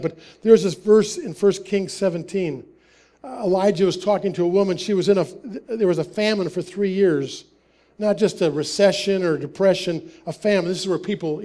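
A man's voice: sits high, brisk, warm tone. A man preaching a sermon, telling personal stories in a conversational way, chuckling often and acting out the dialogue.

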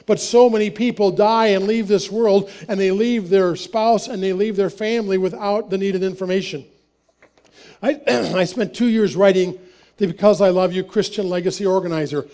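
A middle-aged man from Wisconsin speaks to an audience, sharing personal stories in an earnest, folksy way with wry humor. His voice sits fairly high for a man yet sounds soft and mellow. He often restarts his sentences as he talks. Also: fairly even intonation, normal speed. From Wisconsin, USA. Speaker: author and speaker. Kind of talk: personal storytelling talk to an audience.

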